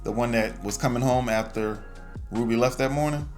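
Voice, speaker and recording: A man with a mid-pitched voice recaps a movie plot in a relaxed, slangy way. He tells the story casually and keeps adding his own asides. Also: moderate pace, soft background music. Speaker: movie reviewer.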